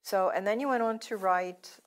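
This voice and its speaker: A woman hosting an interview, asking gentle questions and giving soft affirmations. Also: mid-range voice, moderate pace. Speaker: interview host. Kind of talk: casual interview.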